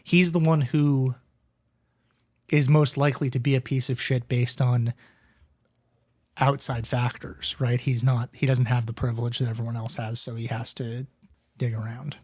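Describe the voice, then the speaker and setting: Man, podcast co-host, casual, halting restarts, mid pitch. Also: flat delivery, a little mellow. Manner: casual, hesitant, lots of fillers and restarts, swears. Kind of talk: casual book discussion.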